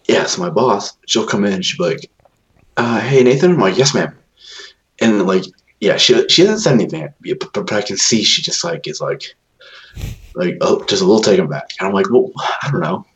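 A man's voice: fairly low pitch, big pitch swings, a little fast, fairly bright tone. A man in casual chat, telling army stories with lots of swearing and laughter. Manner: profane, laughing, military-style banter.

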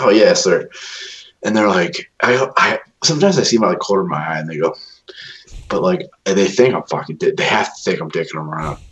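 A man's voice: low-pitched, muffled recording, a little hiss or hum. A man in casual chat, telling army stories with lots of swearing and laughter. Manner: profane, laughing, military-style banter.

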